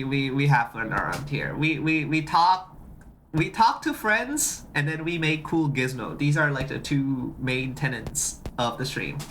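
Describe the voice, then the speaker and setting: A streamer chatting casually on a live stream, excitable and often repeating phrases while greeting chat. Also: medium pitch, slight background noise.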